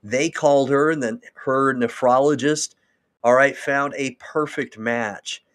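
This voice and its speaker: A man's voice: mid-range voice, unhurried, fairly bright tone. A man hosting a livestream, talking in a rambling, long-winded and emotional way. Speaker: host. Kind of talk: livestream talk.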